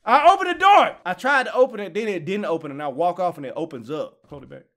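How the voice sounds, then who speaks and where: A young man casually commenting on a horror game, slangy and jokey, yelping when startled and mumbling low when nervous. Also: very animated, quick pace, fairly bright tone. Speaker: gaming YouTuber. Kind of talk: casual let's-play commentary.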